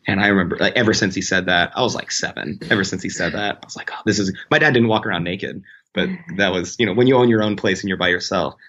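Low-voiced man telling a rambling story. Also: fast talker, muffled recording. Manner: rambling, self-correcting, animated when quoting. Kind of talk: casual anecdote.

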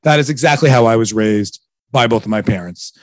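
A man's voice: medium pitch, fairly quick, dry recording, studio quality. A man in his thirties hosting a casual chat, joking and rambling, often stumbling over his words. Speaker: podcast host.

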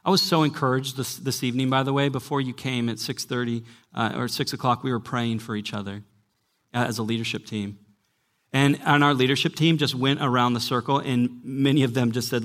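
A man's voice: medium pitch, steady tone, a little fast, fairly bright tone. A man preaching to a young adults gathering at church, telling stories emphatically and often saying "listen". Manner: emphatic storytelling, repeating "listen". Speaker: pastor and former college teacher. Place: church gathering before a live audience.

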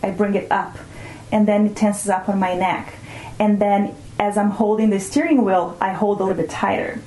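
A woman from Brazil, a mindfulness teacher calmly explaining emotions in an interview and slowing down to stress her points. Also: mid-range voice, slight background noise. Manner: calm, reflective, often slows to stress words. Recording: roomy echo.

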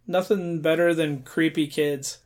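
A man's voice: a little high, steady tone, measured pace, a little mellow. A man co-hosting a podcast, giving casual commentary on a movie with dry, observational remarks. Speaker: podcast co-host.

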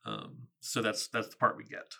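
A man's voice: on the low side, sing-song, normal speed, creaky, sharp tone. A man in his thirties co-hosting a book podcast, chatting in a thoughtful, casual way. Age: 30s. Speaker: podcast co-host. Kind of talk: casual book-discussion chat.

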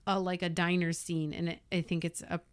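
A woman with a somewhat low voice chats casually on a podcast. She makes dry, laid-back remarks and cuts in with quick comments. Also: level tone, smooth. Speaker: podcast co-host. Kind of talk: casual movie chat.

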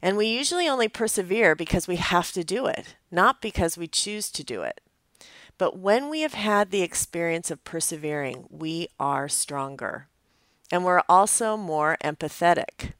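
A woman's voice: lowish voice, expressive, normal speed, fairly bright tone, no room sound. A woman teaching a devotional message as a pastor, earnest and reflective in a conversational way.

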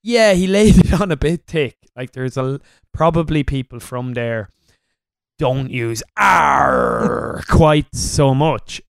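A man co-hosting a history podcast, talking casually in a relaxed, rambling way with plenty of fillers. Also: on the high side, unhurried, clean tone, no echo. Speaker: podcast co-host.

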